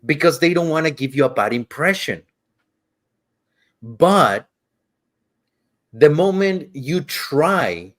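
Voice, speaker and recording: A man co-hosting a podcast, telling a travel story in casual chat, rambling, swearing freely and acting out the quotes. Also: a little high. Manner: acts out quotes in shifting voices. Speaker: podcast co-host.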